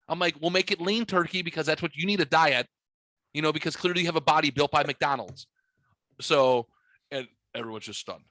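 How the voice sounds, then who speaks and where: A man hosting a podcast, telling a story in a boisterous, profane, animated way. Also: fairly high pitch, normal speed, long pauses, no room sound. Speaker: podcast host. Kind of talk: casual storytelling chat. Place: podcast studio.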